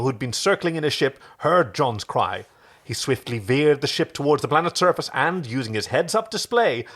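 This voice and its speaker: A man co-hosting a podcast reads a story aloud with a lively, rising and falling voice. He keeps it casual and jokey, breaking off to chat. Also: medium pitch. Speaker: podcast co-host and reader.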